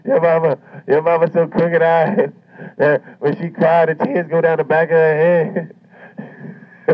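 A man's voice: a little high, level tone, measured pace. A man doing a stand-up comedy routine, brash and swaggering, with heavy profanity. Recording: muffled lo-fi recording.

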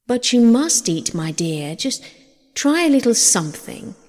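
A woman's voice: fairly high pitch, sing-song, measured pace, darkish tone, voice pushed up. A woman voicing a possessive male king of the underworld who coaxes and gloats. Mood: coaxing. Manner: coaxing, then gloating. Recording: long hall reverb.

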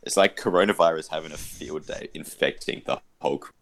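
A man's voice: very deep voice, fairly quick, vocal fry, a bit bright. A young man with an Australian accent, talking bluntly and swearing freely in a casual chat. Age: young adult. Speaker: podcast co-host.

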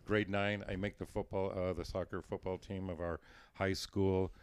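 Low-voiced man telling a laughing story. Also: level tone, normal speed, clean tone. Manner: self-deprecating, laughs through his own story. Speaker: podcast host. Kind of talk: casual storytelling chat.

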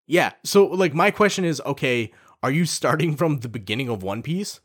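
Man, casual podcast chatter, lively up-and-down pitch, cusses, restarts often. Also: moderate pace, husky. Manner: animated, swearing, trailing restarts. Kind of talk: casual chat.

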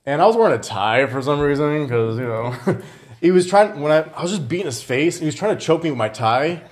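On a casual podcast, a man tells a story about a fight, swearing heavily and laughing his way through the anecdotes. His voice is on the high side, animated, and a little fast.

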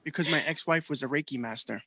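A man co-hosting a podcast, telling a story in a profane, animated way. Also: on the high side, quick pace, vocal fry, a little hiss or hum. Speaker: podcast co-host. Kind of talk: casual chat.

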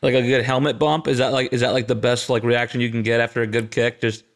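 A man's voice: mid-range voice, level tone, fast. A man co-hosting a podcast, asking curious, joking questions. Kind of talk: casual chat.

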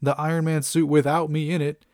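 A man's voice: on the high side, level tone, brisk, a little mellow, no room sound, studio quality, pitched above the performer's own voice, lightly acted. Tony Stark, as a man retells him, flippant inventor. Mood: defensive. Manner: offhand, dismissive slang. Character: flippant male genius inventor, casual.

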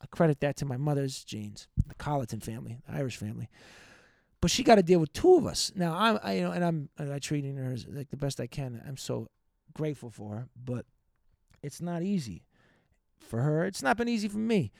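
A young man hosting a podcast, venting in a rambling, profane, casual monologue and giving shout-outs to listeners. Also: on the high side, big pitch swings, brisk, vocal fry, no room sound, studio quality. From United States. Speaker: podcast host.

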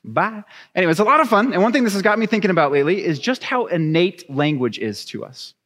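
A young adult man preaching a sermon, reading scripture and then telling a chatty, animated story with laughs. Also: high voice, fast. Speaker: pastor. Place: church sanctuary. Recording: long reverb of a church hall.

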